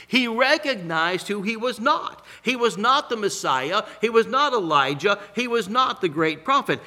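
A man preaching a sermon, swinging between emphatic rises and hushed drops. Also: high voice. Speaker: pastor.

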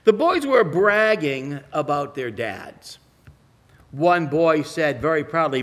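A man preaching a sermon, telling folksy stories and slowing down to press his points. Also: a little high, sing-song, fairly bright tone. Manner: folksy storytelling with slow emphatic phrasing.

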